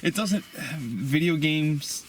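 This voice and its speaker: A man's voice: on the high side, expressive, slow pace, slight background noise. A middle-aged man co-hosting a casual movie review chat, laid-back and agreeable, chuckling often. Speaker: podcast co-host.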